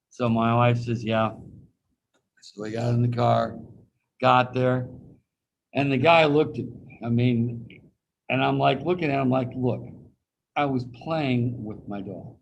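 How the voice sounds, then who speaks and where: A man's voice: medium pitch, fairly even intonation, unhurried, vocal fry, pauses often, lo-fi sound, slight background noise. A man teaching anatomy over a video call in a casual, folksy way, slipping anecdotes in and acting out the voices of people he quotes. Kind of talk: casual classroom lecture with personal anecdote.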